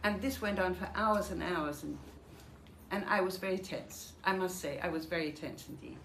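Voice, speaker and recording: A woman's voice: lowish voice, normal speed, fairly bright tone. An older woman from Denmark telling her own wartime memories in a vivid storytelling manner, acting out the dialogue. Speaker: Holocaust survivor giving a talk. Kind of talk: personal memoir talk. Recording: echoey room with faint noise.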